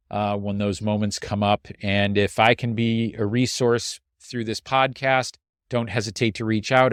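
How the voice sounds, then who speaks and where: A man's voice: lowish voice, clean tone, no echo, studio quality. A man hosting his own podcast, talking in an earnest, heartfelt way as he reflects on the past year. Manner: earnest, heartfelt, slow and deliberate. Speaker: podcast host and coach. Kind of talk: reflective solo podcast monologue.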